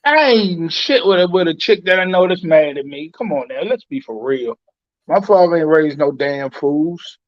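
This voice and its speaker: A man's voice: on the high side, moderate pace, no room sound, muffled recording. A man co-hosting a live talk show, talking bluntly and swearing freely. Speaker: co-host. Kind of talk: casual live show chat.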